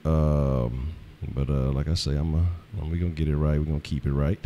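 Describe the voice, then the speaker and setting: A hoarse man hosting a casual live sports stream, loose and profane, often restarting his sentences. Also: extremely low pitch, level tone, normal speed, warm tone, lo-fi sound, slight background noise. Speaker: host.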